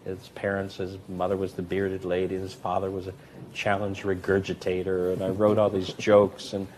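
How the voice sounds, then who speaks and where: A man's voice: moderate pace, a little hiss or hum. A man, a magician and comedy performer, telling anecdotes in an interview and acting out the voices of the people in them. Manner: animated, acts out quoted voices with big swings in pitch and loudness.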